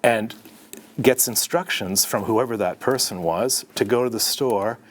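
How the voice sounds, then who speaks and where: A middle-aged man from Canada, a podcast guest, telling a story in an animated way and acting out the dialogue. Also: mid-range voice, unhurried, a little hiss or hum. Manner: animated, acts out dialogue in his anecdotes. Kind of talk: conversational storytelling.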